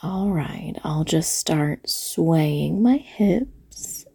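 A woman playing a flirty late-night diner waitress in an audio role-play, talking to the listener in a teasing way with breathy asides. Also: deep voice, lively intonation, drawn-out words, mellow, heavily acted. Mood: coaxing.

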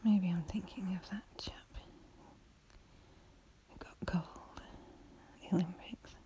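A woman in a whispered role-play, teasing and flirtatious, often breaking into soft giggles. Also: lowish voice, steady tone, slow pace. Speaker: ASMR performer.

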